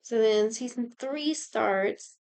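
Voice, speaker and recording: Profane, high-voiced young woman recapping. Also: takes it slowly, smooth. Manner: profane, animated retelling with quoted voices. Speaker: podcast co-host recapping a show. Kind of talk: casual chat.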